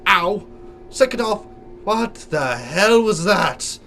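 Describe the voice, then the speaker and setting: A man's voice: sits high, sing-song, slow pace, bright, forceful tone, faint music behind. A young man with a sore throat giving jokey, theatrical let's play commentary as a gaming YouTuber.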